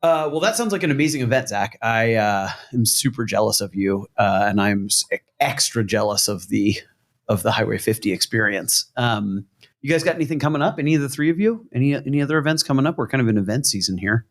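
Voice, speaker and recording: Male podcast host, talks fast, upbeat and laughing easily, casual chat. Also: mid-range voice, animated. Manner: fast, enthusiastic, quick to laugh.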